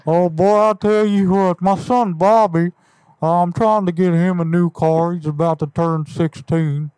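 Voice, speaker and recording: Field: a man doing Hank Hill. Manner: folksy drawl. Pitch: high. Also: fairly even intonation, a little slow, a little mellow, clear, resonant tone, no room sound. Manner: drawling, folksy, repeats "I tell you what". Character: folksy middle-aged Texan cartoon dad. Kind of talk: prank call impression.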